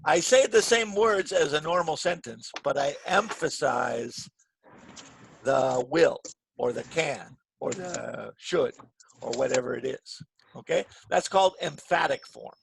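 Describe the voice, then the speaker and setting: A man teaching an English grammar class over a video call, speaking clearly and patiently and stressing the words he models. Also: a little high, unhurried, a little hiss or hum. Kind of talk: online grammar lesson. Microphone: computer mic on a video call.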